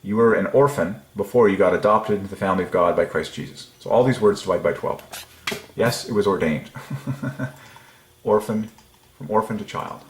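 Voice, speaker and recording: A man's voice: on the low side, moderate pace, long pauses, reverberant, slight background noise. A man giving a casual devotional lecture as a video host, marvelling and laughing often, with repeated okays. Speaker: religious numerology video host.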